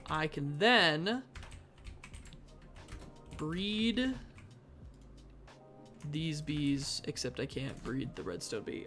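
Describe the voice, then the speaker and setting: A woman's voice: deep voice, fairly bright tone. A woman streaming live from her desk at home, muttering wry gameplay commentary to herself and easily getting sidetracked. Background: faint background music.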